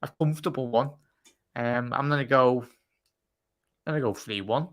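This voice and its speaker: A man's voice: mid-range voice, moderate pace, fairly bright tone. A man as a guest on a football show, blunt and opinionated in casual chat. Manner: blunt, opinionated, says mate a lot.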